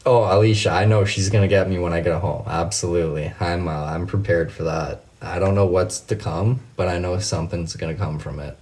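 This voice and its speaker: A man's voice: low voice, steady tone, brisk, few pauses, darkish tone. A man casually chatting with viewers on a late-night live stream, swearing freely and telling laid-back stories while he answers comments by name.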